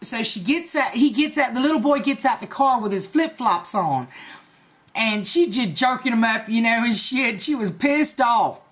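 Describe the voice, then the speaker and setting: A woman's voice: a little high, lively intonation, normal speed. A woman in her forties telling a story in a casual, profane, laughing way to her viewers. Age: 40s. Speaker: vlogger.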